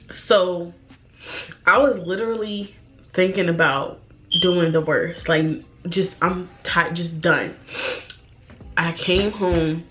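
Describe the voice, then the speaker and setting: Tearful young woman talking haltingly. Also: lowish voice, fairly bright tone. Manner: halting, emotional, repeats herself, sighs. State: holding back tears. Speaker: beauty vlogger. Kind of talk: get-ready-with-me chat.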